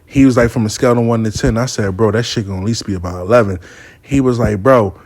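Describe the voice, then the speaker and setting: A man's voice: on the low side, quick pace, darkish tone, no room sound. A man telling a casual story, acting out both sides of a dialogue. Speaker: storyteller host.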